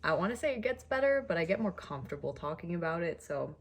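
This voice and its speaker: A woman's voice: fairly low pitch, big pitch swings, fast. A young woman talking casually to camera in a vlog, chatty and a little nervous, with many fillers. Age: young adult. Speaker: vlogger.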